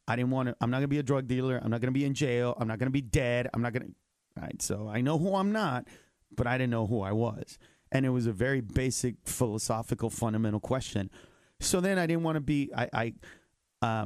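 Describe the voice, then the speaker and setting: A middle-aged male comedian telling stories in an animated way, jumping into voices with big swings in pitch. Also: a little fast, no echo, clean studio sound. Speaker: comedian guest. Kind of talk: comedic storytelling.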